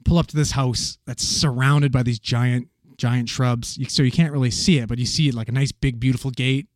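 A man casually telling a paramedic story, animated and swearing freely as he acts out the voices of the people in it. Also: mid-range voice, moderate pace, no room sound, studio quality.

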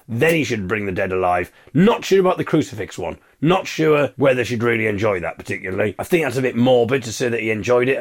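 A man hosting a podcast delivers a comic monologue in a tone of exasperated, wry ranting. His voice sits in a middling pitch. It swings widely as he argues his point. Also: creaky. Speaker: podcast host.

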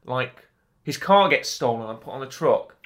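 A man co-hosting a casual film chat, retelling scenes in a halting, chatty way and acting out quoted lines. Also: mid-range voice, animated. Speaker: podcast co-host.

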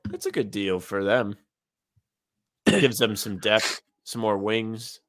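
A man co-hosting a casual sports chat, reacting with quick, dry remarks. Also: lowish voice, a bit bright, faint music behind. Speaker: co-host of a sports talk stream.

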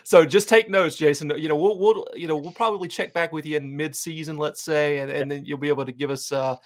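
A man hosts a casual fan podcast in a fairly high voice, talking fairly quickly with fairly even intonation. His upbeat, hype-driven chat is full of fillers and restarts.

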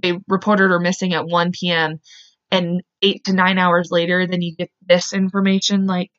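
A woman's voice: on the low side, steady tone, moderate pace, a bit bright, muffled recording. A woman hosting a podcast and retelling a true-crime case in casual, filler-heavy talk that gets emotional and salty. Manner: chatty, filler-heavy, emotional, swears openly. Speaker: podcast host.

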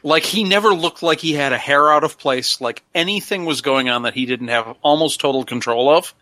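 A man's voice: a little high, a little fast, sharp tone, no echo. A man co-hosting a casual podcast, speaking earnestly and with enthusiasm. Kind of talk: casual chat.

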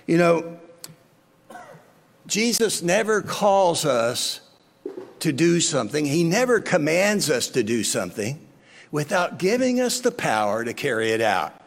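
A man's voice: on the high side, big pitch swings, measured pace, creaky, long pauses, big-room sound. A male pastor preaching a sermon, earnest and full of rhetorical questions to his listeners.

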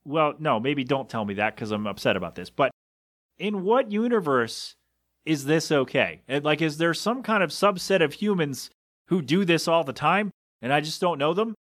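A man's voice: fairly high pitch, animated, moderate pace, a bit bright, dry recording, studio quality. A man hosting a solo podcast from a small windowless room, rambling in an exasperated, incredulous way. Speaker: podcast host. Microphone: home podcast mixer setup.

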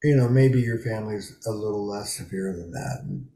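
A man's voice: lowish voice, normal speed, mellow, reverberant. A man in his seventies, a psychotherapist speaking frankly and emphatically in an interview, from a small bedroom study. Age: 70s. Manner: frank, emphatic, swears freely. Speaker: psychotherapist guest. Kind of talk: candid interview conversation.

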